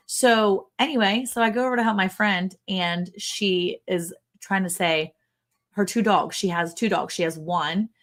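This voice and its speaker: A woman co-hosting a casual livestream from her ranch chats and rambles, often correcting herself mid-sentence. She speaks at a measured pace in a medium-pitched voice.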